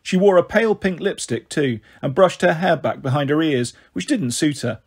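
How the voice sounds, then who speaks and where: A man reading a children's novel aloud in a steady, even storytelling voice. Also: fairly high pitch, normal speed, husky. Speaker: audiobook reader.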